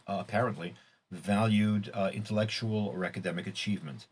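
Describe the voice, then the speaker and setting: A middle-aged man gives a loose, unscripted Torah class, often restarting his sentences and padding them with fillers. His voice sits low and has a husky, slightly breathy edge. Now and then he jumps up in pitch to press a point. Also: fairly even intonation. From Israel. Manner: halting, many restarts and fillers, rising emphatic stresses. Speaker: teacher giving a weekly class.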